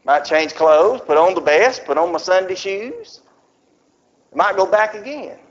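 Folksy male preacher, high voice, muffled. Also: animated, a little slow. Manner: folksy storytelling, acts out little scenes. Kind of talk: sermon. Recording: muffled lo-fi recording.

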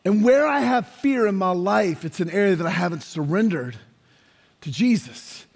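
A man in his forties preaching a sermon, telling stories with animated energy and rising to shouts for emphasis. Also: high-pitched, moderate pace, creaky. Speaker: pastor.

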